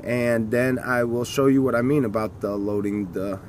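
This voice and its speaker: A man's voice: medium pitch, fairly even intonation, normal speed, a little mellow, slight background noise. A man casually talking through a handgun demonstration outdoors in the cold, rambling with folksy jokes and asides. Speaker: gun video host.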